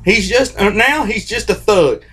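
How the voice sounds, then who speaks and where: High-voiced man on a heated rant. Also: lively intonation, measured pace, pushed and bright, husky. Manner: heated, repetitive, informal, restarts phrases often. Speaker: host of a comics commentary channel. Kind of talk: opinionated vlog rant.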